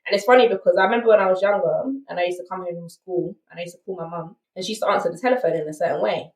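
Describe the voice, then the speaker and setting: Speaking rapid-fire in a lowish, darkish voice, a South London woman shares her story candidly as a podcast guest. She is emphatic and keeps checking in with "right?". The audio is rough and reverberant, picked up by a distant mic.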